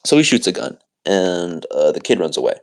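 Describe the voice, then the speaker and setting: A man's voice: low-pitched, sing-song, fairly quick, low-quality recording. A man co-hosting a podcast, rambling through a comedic movie recap and acting out the quotes in silly voices. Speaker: podcast co-host.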